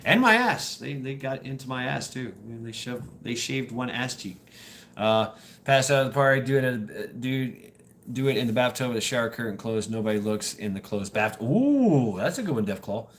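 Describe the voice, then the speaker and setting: A man's voice: mid-range voice, moderate pace, fairly bright tone, a little hiss or hum. A man hosting a livestream, telling stories to his chat in a loose, rambling way, laughing and swearing as he goes. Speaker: livestream host. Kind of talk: casual storytelling to live chat.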